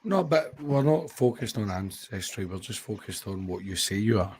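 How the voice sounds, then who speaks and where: Husky man, insistent and crude. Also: lowish voice, lively intonation, normal speed, a little mellow. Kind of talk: casual group chat on a stream.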